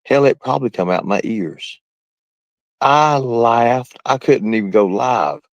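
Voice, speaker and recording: A man's voice: mid-range voice, animated, measured pace, no echo, dull audio. A man livestreaming, talking to his viewers in a rambling, mocking, folksy way. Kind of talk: casual livestream rant.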